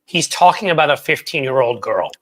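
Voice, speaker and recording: A man's voice: mid-range voice, sing-song, a little fast, fairly bright tone. A man in his forties hosting a casual political chat show, blunt and profane, rambling through his stories. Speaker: host.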